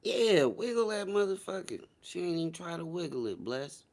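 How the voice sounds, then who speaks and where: A man hosting a casual livestream, joking and profane, swinging between loud shouts and low mutters. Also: sing-song, moderate pace. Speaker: livestream host.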